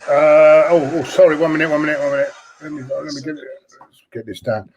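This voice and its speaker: A man's voice: on the high side, fairly even intonation, brisk, a little mellow, dull audio. A man co-hosting a casual football chat, talking in a flustered, distracted way. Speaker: co-host.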